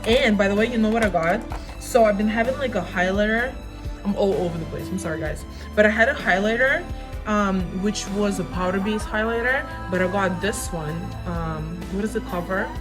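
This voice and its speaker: A young beauty vlogger rambles while doing her makeup over music, chatting and poking fun at herself as she tells stories. Her voice is mid-range and her speed is normal.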